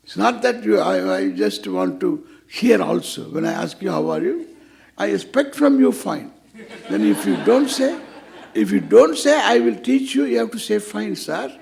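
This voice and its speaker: Gravelly older man teaching with humor. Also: high-pitched, huge pitch swings, normal speed, a little mellow. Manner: playful, teasing, acts out quoted dialogue. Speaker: spiritual teacher. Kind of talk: humorous scripture class.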